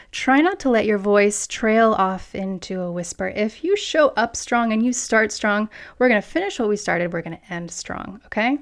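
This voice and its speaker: A woman hosting a solo podcast, coaching listeners directly on confident speaking with lively, playful asides. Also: mid-range voice. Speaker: podcast host. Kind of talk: scripted solo podcast talk.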